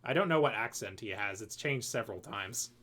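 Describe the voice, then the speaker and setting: A man's voice: fairly low pitch, expressive, brisk, sharp tone. Laid-back male game master, rambly, filler-heavy narration. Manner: loose, rambling, lots of fillers.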